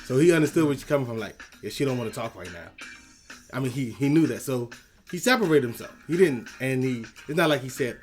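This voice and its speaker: Fast-talking excitable man. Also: medium pitch, faint music behind. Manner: excitable, dramatic. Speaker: podcast co-host. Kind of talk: casual chat.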